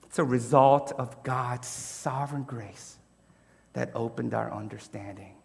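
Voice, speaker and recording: A man's voice: mid-range voice, unhurried, creaky, in a large hall. A man preaching a sermon as pastor, emphatic and conversational, asking his congregation rhetorical questions.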